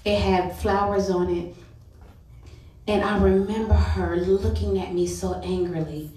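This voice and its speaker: A woman's voice: medium pitch, steady tone, unhurried, mellow. Woman preacher, earnest testimony, heard from afar in a very echoey sanctuary. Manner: earnest, personal storytelling. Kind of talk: sermon testimony. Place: church sanctuary. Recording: roomy church sound from a distance.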